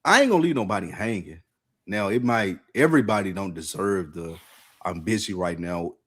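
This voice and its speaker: Animated man telling a story. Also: deep voice, moderate pace, slightly rough. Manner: animated storyteller, laughs often, acts out voices. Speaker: podcast co-host. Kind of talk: casual chat.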